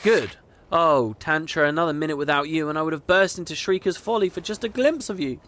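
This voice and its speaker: A man's voice: a little high, fairly quick, fairly bright tone, lightly acted. A man voicing a rugged male gang leader in a read-aloud romance, speaking ardently.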